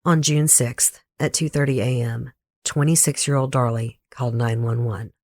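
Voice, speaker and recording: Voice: mid-range voice, steady tone, normal speed, a little mellow, no echo, studio quality. A true crime podcast host with a Southern US accent, reading a scripted case narration with blunt, opinionated asides.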